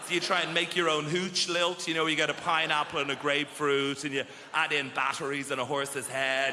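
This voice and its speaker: High-voiced man doing stand-up. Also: brisk, very noisy. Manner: animated, acts out other people in loud voices. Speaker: stand-up comedian. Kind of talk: stand-up comedy set. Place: large theatre stage before a live audience. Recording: roomy hall with loud audience laughter.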